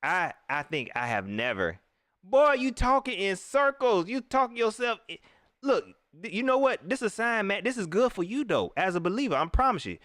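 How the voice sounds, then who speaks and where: A man hosting a live sports show, teasing and preaching in casual, animated commentary. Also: high voice, moderate pace, dry recording, studio quality.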